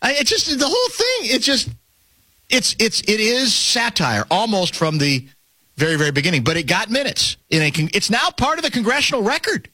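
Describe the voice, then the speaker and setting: A man hosting a talk radio show, rambling and animated, often breaking off and restarting his sentences. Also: sits high, fairly quick, husky, no room sound. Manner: animated, rambling, self-interrupting.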